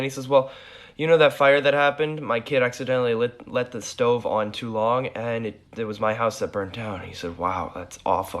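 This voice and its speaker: A man's voice: mid-range voice, little pitch movement, fairly quick. A man telling a long joke in a laid-back, dry storytelling manner. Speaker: joke teller.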